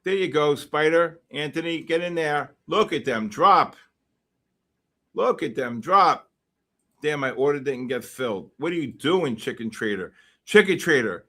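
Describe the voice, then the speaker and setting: A man hosting a live trading stream, calling price levels and teasing viewers in chat with excitable, repetitive banter. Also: a little high, unhurried. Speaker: livestream trading host.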